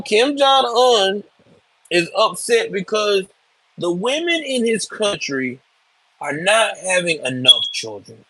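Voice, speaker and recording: Husky, high-toned man ranting. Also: pushed and bright, no echo, rough recording. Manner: blunt, profane, emphatic. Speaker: live political commentary host. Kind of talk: casual ranting commentary.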